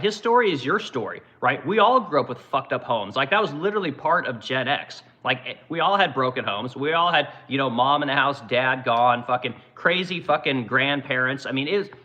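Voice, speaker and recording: A man's voice: medium pitch, bright, forceful tone, lo-fi sound. A man in his forties from Oregon hosting a livestream, ranting in casual, profane commentary. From Oregon, USA. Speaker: livestream host and business owner.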